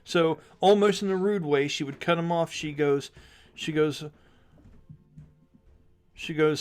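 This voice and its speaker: A man's voice: on the high side, slow, long pauses, smooth. A man narrating as game master in a tabletop game, casual, thinking aloud with fillers.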